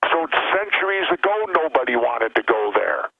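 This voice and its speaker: A man's voice: medium pitch, very animated, moderate pace, creaky, slightly rough, no echo. Blunt man on a muffled phone line. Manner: blunt, plainspoken. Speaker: guest on phone. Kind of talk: phone interview.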